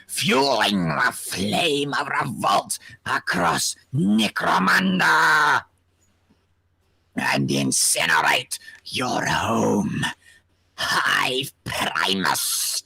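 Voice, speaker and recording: A man voicing a fanatical torch-headed villain, declaiming slowly with sudden cries and whispers. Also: medium pitch, vocal fry, sharp tone, breathy edge, no echo, exaggerated voice.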